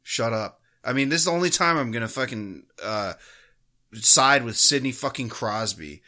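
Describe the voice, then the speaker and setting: A man's voice: medium pitch, animated, moderate pace, pushed and bright. A man co-hosting a sports podcast, ranting heatedly with constant swearing. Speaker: podcast co-host. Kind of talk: casual podcast rant.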